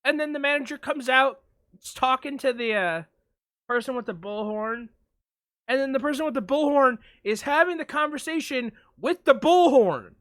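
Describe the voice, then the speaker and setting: A man's voice: very high voice, moderate pace, dry recording, studio quality. A man co-hosting a podcast, telling a long anecdote in casual chat and acting out what people said. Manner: animated anecdote telling, acts out quotes. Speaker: podcast co-host.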